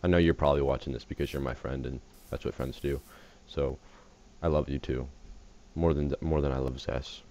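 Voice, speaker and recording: A sleepy gaming channel host from the USA, newly awake, speaks in a rumbling low, darkish voice with a steady tone and moderate pace. He jokes and meanders through casual commentary, distracted easily; the lo-fi audio is dull with a light hiss.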